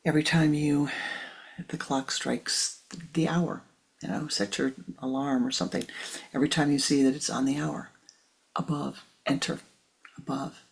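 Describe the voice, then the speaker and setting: A woman spiritual teacher giving a slow guided teaching in a soft, measured voice that often drops to a hushed whisper. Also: deep voice, flat delivery, gravelly, slightly rough.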